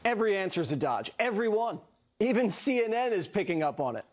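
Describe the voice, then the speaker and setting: A man with a notably high voice narrating a scripted attack ad. He lands each line in a short, sarcastic, punchy way. His delivery is polished and built to mock. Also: very animated, fast talker. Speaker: political ad narrator.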